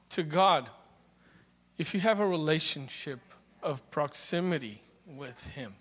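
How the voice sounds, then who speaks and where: A man preaching a sermon, conversational and joking, building to loud, emphatic preaching. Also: fairly high pitch, animated, a little slow. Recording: long reverb of a large hall.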